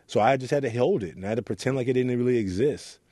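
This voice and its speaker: A man from Oakland, a youth mentor, telling his story in an interview with earnest warmth and acting out the voices in it. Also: mid-range voice, fast, husky, no echo. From Oakland, California. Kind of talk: reflective interview talk.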